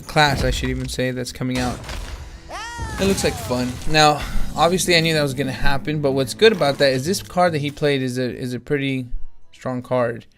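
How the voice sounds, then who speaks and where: Over music, a man at normal speed and mid-range pitch talks through his card game while playing. A gaming channel host, he thinks out loud, restarting often and using filler words, tired enough to yawn.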